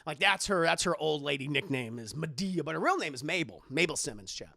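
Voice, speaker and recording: A man's voice: a little high, brisk, creaky, no room sound. A man streaming a casual, profane film recap, talking to his chat with lots of energy. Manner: animated, profane, talks to chat.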